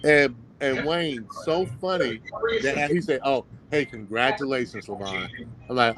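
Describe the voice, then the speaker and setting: Animated former football player telling stories. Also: male voice, mid-range voice, measured pace, a crowd in the background, low-quality recording. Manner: animated storyteller, acts out quoted voices, laughs often. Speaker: former pro football player, interview guest. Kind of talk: casual storytelling interview.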